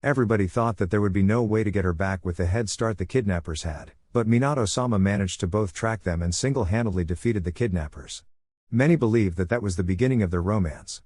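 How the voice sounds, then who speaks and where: A man voicing a calm, authoritative female ninja team leader, measured and firm. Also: on the low side, no room sound, clean studio sound, close to an everyday voice.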